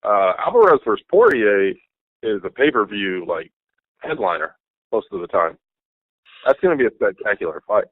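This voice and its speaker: A man co-hosting a casual sports podcast, excitable, blunt and profane. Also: on the low side, moderate pace, no room sound. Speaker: podcast co-host. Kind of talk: casual chat. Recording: tinny phone-like line.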